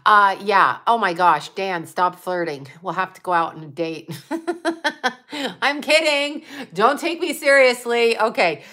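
A woman's voice: medium pitch, normal speed, pushed and bright. A woman hosting a casual livestream, rambling and swearing as she answers chat comments. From Buffalo area, US. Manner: rambling, profane, reads chat comments aloud. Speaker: livestream host.

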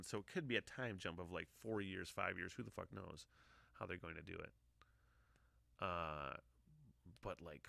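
A man's voice: lowish voice, vocal fry, pushed and bright, no room sound, studio quality. A man in his forties hosting a podcast, rambling casually, swearing a lot and sighing often. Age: 40s. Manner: profane, emotional, sighing often. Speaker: podcast host.

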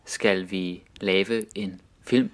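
A man with a low voice reads short example sentences at a slow, careful pace. Each sentence comes twice, clearly spaced out for learners. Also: fairly even intonation. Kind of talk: reading Danish example sentences.

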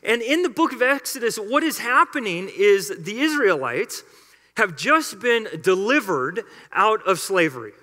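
Pastor, man, high and bright, storytelling sermon delivery, long church reverb. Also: expressive, measured pace. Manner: storytelling, emphatic, conversational. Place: church sanctuary.

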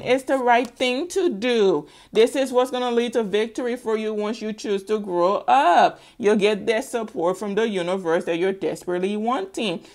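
A woman's voice: mid-range voice, a little mellow. A middle-aged woman giving a casual tarot reading, sassy and teasing, repeating words for emphasis. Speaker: tarot reader.

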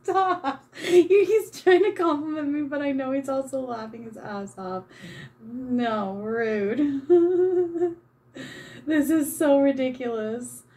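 A woman's voice: sits high, slow, darkish tone. A woman chatting casually while she paints, self-mocking and embarrassed, giggling and swearing freely. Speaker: channeler and vlogger.

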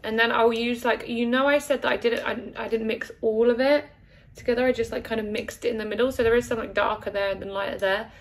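A woman's voice: a little high, fairly even intonation, quick pace. A young woman chatting through a makeup tutorial at home, swearing a lot and joking as she goes, recorded on her phone. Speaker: beauty vlogger. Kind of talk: casual makeup tutorial chat. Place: at home, sitting by a window. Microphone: phone camera with a mirror behind it.

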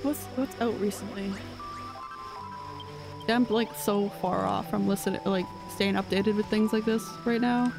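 A young woman streaming a game, rambling loosely and padding her talk with fillers. Her voice sits at a middling pitch, with music playing under her chat. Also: steady tone, measured pace, gravelly, rough recording. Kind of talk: casual gameplay chat.

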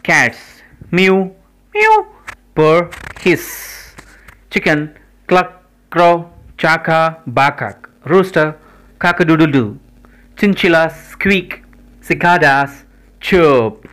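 A man hosting his own channel, reading a list of animals and their sounds one by one, slowly and deliberately. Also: on the high side, a bit bright, rough recording. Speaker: channel host. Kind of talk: educational word list reading.

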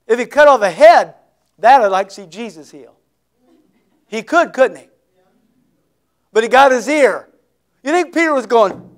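A male pastor with a notably high voice for a man, preaching a sermon. He tells the story dramatically, acting out the scenes, and drops in folksy, conversational asides. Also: animated, normal speed, pauses often.

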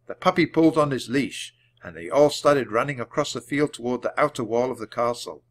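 A man reading a children's chapter book aloud, clearly and deliberately, for language learners. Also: mid-range voice. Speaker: storybook reader. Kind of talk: storybook read-aloud.

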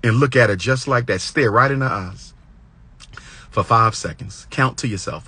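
A man lecturing with passion in a preacherly, repetitive cadence, swinging from loud high exclamations to low hushed asides. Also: moderate pace, slightly rough. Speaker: public speaker giving relationship advice. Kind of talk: impassioned lecture.

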